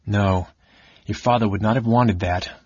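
A man reading the part of a young soldier, steady and sympathetic toward his cousin. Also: fairly low pitch, a little slow, slightly rough, no echo. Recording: dull lo-fi recording.

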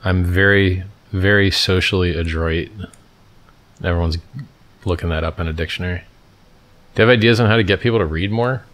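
A man's voice: sits low, brisk, long pauses, fairly bright tone. A middle-aged man hosting a livestream, reading out and answering chat questions in a blunt, offhand, casual way. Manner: blunt, offhand, lots of "like" and "dude".

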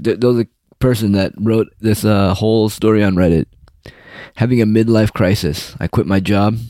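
A young man from the United States rants in a rambling, profane, mocking way. His voice sits very low. The recording is dry and close, with no room sound. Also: a little mellow, no room sound. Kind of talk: casual ranting monologue.

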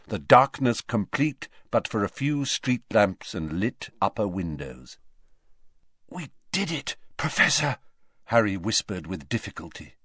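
A man narrating a fantasy novel in an expressive, dramatic reading. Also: mid-range voice, no room sound, studio quality. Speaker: audiobook narrator.

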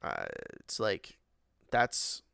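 A man's voice: drawn-out words, bright, forceful tone, dry recording, clean studio sound. A man ranting in a casual monologue, profane and rambling, with lots of fillers and an exasperated tone. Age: adult, working.

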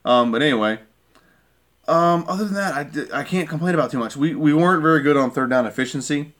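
A man's voice: fairly high pitch, fast, fairly bright tone. Irate man ranting about football. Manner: irate, repeats himself, keeps asking "okay?". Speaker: sports fan vlogger. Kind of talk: heated sports rant.

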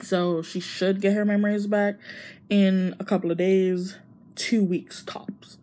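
Calm soft-spoken doctor man, reassuring, a woman doing the voice. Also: medium pitch, a little slow, lightly acted.

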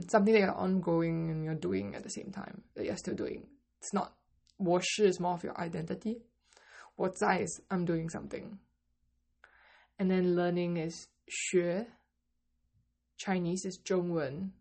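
A woman teaching a Mandarin lesson, slowly modeling greetings and phrases for learners to repeat. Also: fairly low pitch, creaky, a little mellow, slightly rough. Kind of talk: language lesson.

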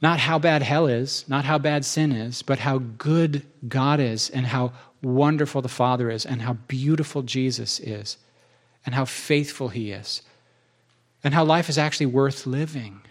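A man's voice: medium pitch, a little slow. A man preaching a sermon in a church, enthusiastic and conversational, often restarting his sentences.

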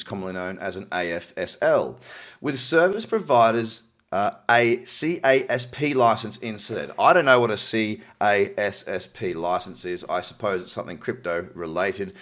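Aussie bloke doing crypto news, cynical asides, voice bounces up and down a lot. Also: male voice, medium pitch, a bit bright. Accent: Australian. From Australia. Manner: cynical, chatty, reads articles aloud with asides. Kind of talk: casual news commentary.

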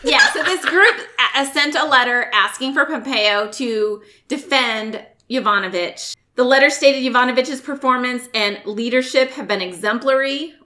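A woman's voice: high-pitched, normal speed, hardly any pauses, pushed and bright. A woman co-hosting a podcast, reading out news quotes with joking asides and the odd swear word. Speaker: podcast co-host. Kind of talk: casual news recap chat.

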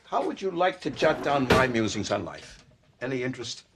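A man's voice: medium pitch, sing-song, moderate pace, loud music behind the voice. An older man playing a pompous, self-important father who speaks in grandiose phrases. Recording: noisy TV sitcom audio.

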